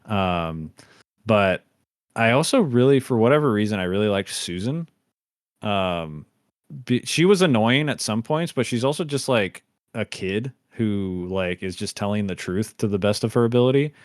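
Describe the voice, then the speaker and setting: A man's voice: fairly low pitch, animated, normal speed, dry recording, studio quality. A man hosting a podcast in casual chat, rambling with many fillers and restarts and laughing as he retells scenes. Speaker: podcast host.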